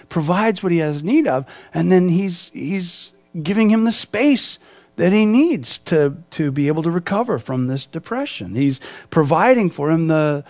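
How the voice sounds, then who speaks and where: A man's voice: sits high, darkish tone. A man preaching a sermon, reading scripture and explaining it with many restarts and acted quotes. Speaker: pastor.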